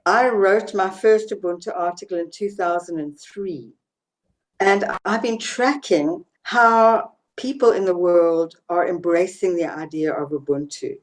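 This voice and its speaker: A woman with a South African accent, a guest author, tells stories animatedly. She acts out the dialogue in a voice of ordinary pitch. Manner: animated storyteller acting out quotes. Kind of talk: storytelling interview.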